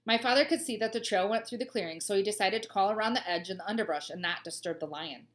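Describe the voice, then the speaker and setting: A woman, a teacher, reading a children's storybook aloud with expressive voices and gushing asides. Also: medium pitch, fast.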